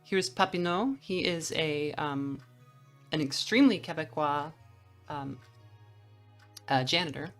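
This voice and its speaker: A woman's voice: deep voice, measured pace, pauses often, soft background music. A young woman casually commenting on her game playthrough, rambling with fillers. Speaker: streamer narrating a playthrough.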